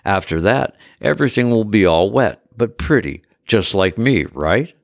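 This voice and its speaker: A man's voice: on the low side, lively intonation, normal speed, creaky, no room sound, clean studio sound, pitched above the performer's own voice. A man voicing a flirtatious female android companion with chirpy, stiff robotic phrasing.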